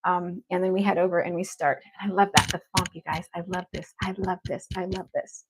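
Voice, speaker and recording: A woman's voice: on the low side, flat delivery, fairly quick, heavy background noise. A woman, an evidential medium, chatting casually and effusively with viewers as she hosts a livestream. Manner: effusive and upbeat, repeats affection to the audience.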